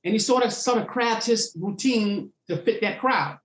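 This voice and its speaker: A man's voice: sits high, moderate pace, echoey room. A man, a stand-up comedian, telling stories from his career in an interview, acting out the voices of people in them. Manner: animated storyteller acting out voices. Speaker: comedian guest. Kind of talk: storytelling interview.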